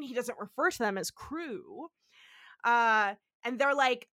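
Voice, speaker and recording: A woman co-hosting a podcast, recapping a TV episode in excitable, sweary casual chat. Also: a little high, takes it slowly. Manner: excitable, swears, laughs, acts out quotes. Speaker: podcast co-host.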